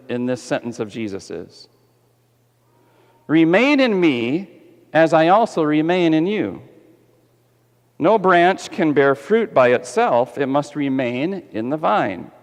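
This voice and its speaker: Animated preacher in an echoey hall. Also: male voice, a little high. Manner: animated, asks the congregation questions. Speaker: pastor. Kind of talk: sermon. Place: church sanctuary.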